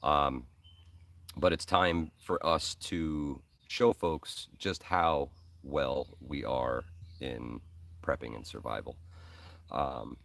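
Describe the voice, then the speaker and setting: A man's voice: extremely low pitch, fairly bright tone, distant mic. A man from New York's Hudson Valley hosting a live stream, chatting casually and rambling with many ums while answering viewers. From Hudson Valley, New York. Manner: rambling, friendly, many ums and uhs, says man and bro. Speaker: host of a preparedness live stream.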